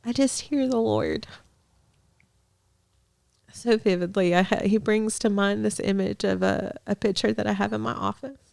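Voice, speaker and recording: A young adult woman sharing a heartfelt faith testimony as a guest in a conversation, earnest, with soft laughs and restarts. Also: medium pitch, fairly even intonation, moderate pace, gravelly, pauses often, no echo. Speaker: podcast guest, ministry director.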